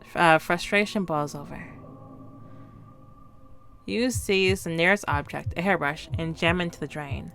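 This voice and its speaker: Woman reading horror game text, lowish voice. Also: a little slow, pauses often, fairly bright tone. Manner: reads narration, breaks off into reactions. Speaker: streamer playing a horror game. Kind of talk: reading game text aloud with live reactions.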